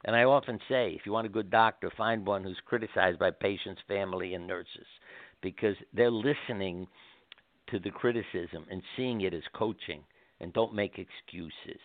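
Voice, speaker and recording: A man's voice: on the low side, moderate pace, no echo. Older man telling stories over phone. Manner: gentle, anecdotal, acts out quotes. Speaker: doctor and guest. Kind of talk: storytelling interview. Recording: dry phone line.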